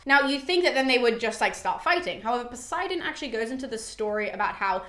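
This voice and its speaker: A woman's voice: fairly high pitch, animated, fast, hardly any pauses, fairly bright tone. A young British woman casually retelling a classic poem as a podcast host, chatty and swearing freely. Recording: roomy echo.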